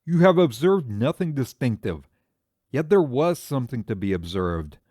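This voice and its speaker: A composed amateur detective, as a male reader voices him lays out his case in measured, lecturing tones. His pitch moves freely as he argues, and the recording is close and dry. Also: big pitch swings, darkish tone, slightly rough, dry recording. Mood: reasoning. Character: calm, methodical amateur detective, adult man. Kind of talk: audiobook character reading.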